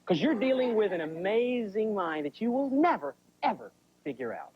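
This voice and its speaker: A man's voice: high-pitched, very animated, normal speed, breathy edge. Chatty stand-up comic man. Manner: chatty, keeps asking the crowd "right?". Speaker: stand-up comedian. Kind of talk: stand-up comedy routine. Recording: dull 1980s TV sound.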